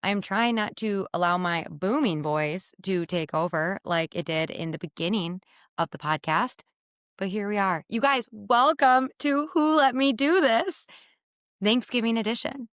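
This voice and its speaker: A woman's voice: medium pitch, no echo, studio quality. Chatty woman podcasting from her bed. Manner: chatty, candid and animated, with quick asides. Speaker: podcast host. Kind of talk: casual solo podcast chat. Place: her bedroom, sitting on her bed. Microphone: podcast microphone.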